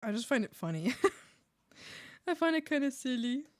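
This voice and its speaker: Giggly, animated young woman streamer. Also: high-pitched, moderate pace. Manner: giggly, animated storytelling with lots of fillers. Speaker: art streamer. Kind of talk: casual chat while drawing. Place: home room.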